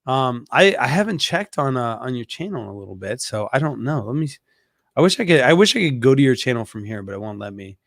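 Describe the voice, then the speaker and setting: A man hosting a casual livestream chat, animated and laughing at his own stories, stuffy with allergies. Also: mid-range voice, quick pace, no room sound, studio quality. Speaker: aquarium shop host.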